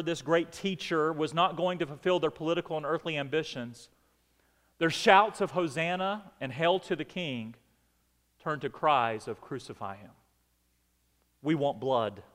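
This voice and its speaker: A man preaching a sermon as pastor, swinging between emphatic outbursts and quiet, dropped phrases. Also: fairly high pitch, in a large hall. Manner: preaching with rising emphatic outbursts and dramatic drops. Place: church sanctuary.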